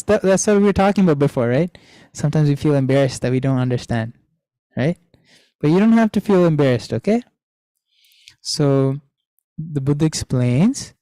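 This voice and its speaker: A man's voice: a little high, mellow, no room sound, poor audio. A young man teaching children an online class, telling a story and asking them questions, repeating the key lines. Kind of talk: storytelling lesson to kids.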